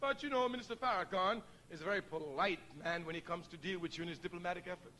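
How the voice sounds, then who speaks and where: A man's voice: high voice, fast, sharp tone. A middle-aged man giving a public speech to an audience, telling stories in an emphatic, preacherly way. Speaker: speaker addressing an audience.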